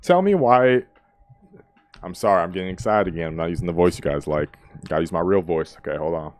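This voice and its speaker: An excitable man talks through his reaction to a song in casual, slangy speech and keeps acting out what he heard. His voice sits very low. The sound is dry and close, with no room echo. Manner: excitable, laughs often, slangy, acts out quotes. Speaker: music reaction host.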